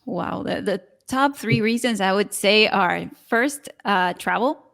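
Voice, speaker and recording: Guest: argentine woman, spanish native, mid-pitched, measured clear answers. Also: a bit bright. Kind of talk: interview answers.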